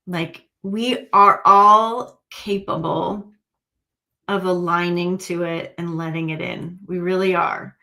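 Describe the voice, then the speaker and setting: A woman's voice: lowish voice, steady tone, slow pace. A woman hosting a livestream, talking casually and encouraging her viewers. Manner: encouraging, warm pep talk to viewers. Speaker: livestream host and intuitive coach.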